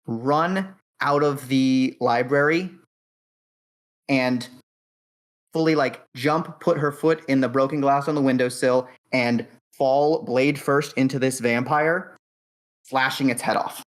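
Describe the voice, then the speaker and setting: A man narrating as game master of a tabletop horror game, calm and matter-of-fact with frequent fillers. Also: mid-range voice, takes it slowly, rough recording.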